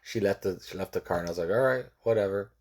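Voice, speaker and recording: A man's voice: deep voice, fast, a little mellow. A man in his forties from California telling a personal story in a casual way, repeating phrases and acting out the people he quotes. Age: 40s.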